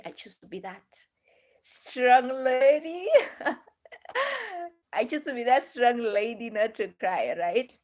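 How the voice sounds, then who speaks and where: A woman with a Ghanaian English accent hosts a live stream, talking to viewers in a rambling way. She repeats herself and asks them lots of questions, her voice medium in pitch.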